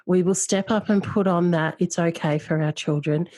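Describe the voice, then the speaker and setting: A woman hosting a podcast, talking in an earnest, reflective way and slowing down on the words that matter most to her. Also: fairly low pitch, steady tone, dark tone, no room sound. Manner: earnest, reflective, speaks slowly at key words. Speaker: podcast host. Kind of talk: emotional podcast conversation.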